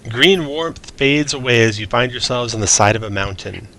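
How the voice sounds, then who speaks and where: A man's voice: medium pitch, expressive, moderate pace, fairly bright tone. A man narrating as game master of a tabletop role-playing game, mixing descriptive narration with casual asides.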